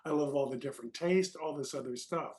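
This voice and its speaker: An enthusiastic panelist chiming in on a video call, emphatic and fond of a joke. The voice sits at a middling pitch. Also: a little fast, a little mellow. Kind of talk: casual chat on a video call.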